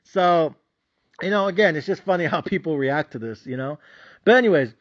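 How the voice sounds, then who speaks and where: A man hosting a podcast, telling stories in a profane, animated comedic rant that is full of repetition. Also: on the high side, brisk. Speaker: podcast host. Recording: slightly dull, dry lo-fi recording.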